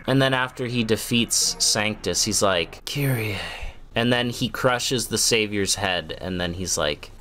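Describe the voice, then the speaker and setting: A man's voice: medium pitch, fairly bright tone, slight background noise. A man giving casual, rambling gaming commentary, goofy and laughing often.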